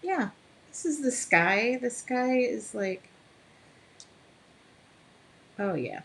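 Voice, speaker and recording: A Midwestern American woman hosts a casual live stream while painting, chatting with viewers, reading their comments aloud, laughing often and breaking into snatches of song. Her voice is a little high and fairly bright, with vocal fry and lively intonation, and she talks very slowly.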